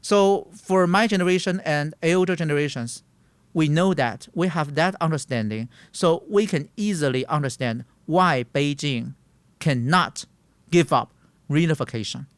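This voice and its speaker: A man's voice: fairly high pitch, normal speed, clean tone, no echo. Earnest man in his thirties. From Taiwan. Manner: earnest, emphatic, searching for words. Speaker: guest. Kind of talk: interview answers.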